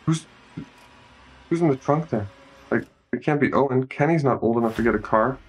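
A medium-pitched male voice recaps a movie at a moderate pace, with a little hiss or hum in the audio. He improvises loosely, walking through each scene while joking and offering his own remarks.

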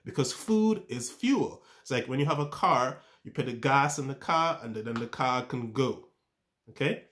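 A man talks viewers through self-improvement in an average-pitched voice. He keeps asking rhetorical questions and repeating points like a coach. He often trips over his words and starts phrases again. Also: expressive, moderate pace, a bit bright. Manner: stumbles and restarts words. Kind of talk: motivational talk to camera.

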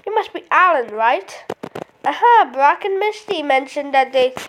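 A woman's voice: high voice, animated, measured pace, fairly bright tone, a little hiss or hum. A woman voicing a cheerful woman professor, reading game text aloud playfully. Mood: chatty.

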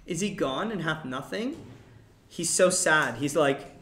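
A man's voice: on the high side, unhurried, reverberant, a little hiss or hum. A man teaching a class about a play, explaining lines and acting out quotes with energy. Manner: animated, acts out quoted lines.

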